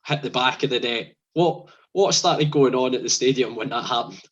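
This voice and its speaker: Male interviewer, hesitant, mid-pitched, dull lo-fi audio. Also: normal speed, fairly bright tone. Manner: hesitant, repeats openings. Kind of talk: interview questions.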